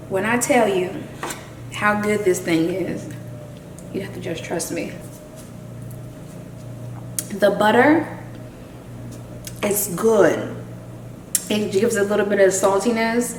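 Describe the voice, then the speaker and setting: A woman chatting to camera while she cooks and eats in her home kitchen, savoring the food with long drawn-out hums. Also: medium pitch, roomy sound, recorded from a distance, slight background noise, rough recording. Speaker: lifestyle vlogger. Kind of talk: casual chat to camera while cooking.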